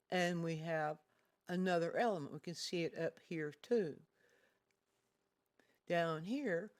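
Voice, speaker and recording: A patient painting teacher walks viewers through a canvas in a livestreamed art lesson. The delivery is calm and deliberate, and key ideas come back in repeated phrases. The voice sits at an ordinary middle pitch. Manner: calm, deliberate explaining, pointing out areas of a painting. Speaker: painting instructor.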